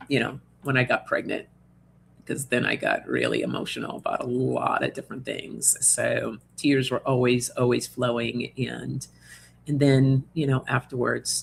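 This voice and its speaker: A woman with a very deep, gravelly voice hosts an oracle card reading livestream, reading viewer comments aloud in casual chat. She's reassuring, laughs often, and uses many fillers; there's a little hiss or hum in the audio.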